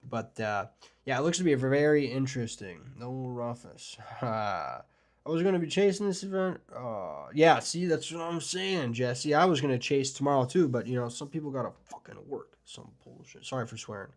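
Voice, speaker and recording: A man hosting a live weather forecast stream, talking casually and rambling with lots of fillers, excited about storms and chatting with viewers. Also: medium pitch, normal speed. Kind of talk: live forecast discussion with chat.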